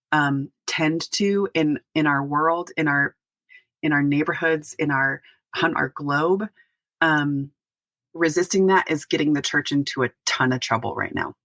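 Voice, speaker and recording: Low-voiced reflective woman pastor. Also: a bit bright, no echo. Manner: earnest, reflective, with pauses and restarts. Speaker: pastor and guest. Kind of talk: podcast interview.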